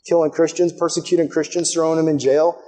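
A young man delivering a sermon with a somewhat high voice. He moves between quiet, earnest stretches and loud, excited bursts. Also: fast talker. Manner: impassioned, swings from hushed to shouting with excitement. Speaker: pastor.

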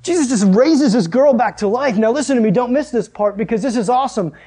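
A man preaching a conversational sermon, animated and speaking straight to his listeners. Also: very high-pitched, fast, husky. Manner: animated storyteller, addresses listeners directly.

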